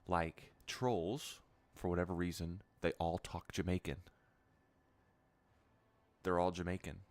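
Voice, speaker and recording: Deep-voiced young man chatting while gaming. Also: flat delivery, slow pace, long pauses. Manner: rambling, amused, trails off into restarts. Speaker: gaming streamer. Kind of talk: casual chat while gaming.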